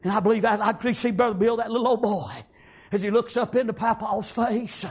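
A male preacher tells a story in a sermon with a high, husky voice. He punctuates it with amens and breaks into shouts. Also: fairly even intonation, fairly quick.

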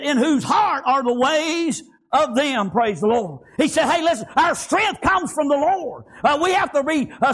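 Pitched extremely high, a man's voice rises in a fervent sermon. Shouts break through, and "praise God" and "amen" fill each pause.

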